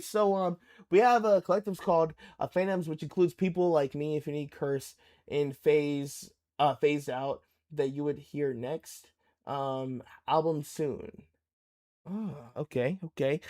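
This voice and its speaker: A young man hosting a live reaction stream, talking in a casual, slangy and excitable way and laughing easily. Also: a little high, moderate pace. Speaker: livestream reaction host.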